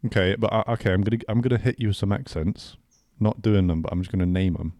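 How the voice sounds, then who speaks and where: A man's voice: lowish voice, mellow, dry recording. A young man from England with an English accent, co-hosting a casual podcast chat in a joking, playful way. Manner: joking, playful, quick to mimic voices. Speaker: podcast co-host.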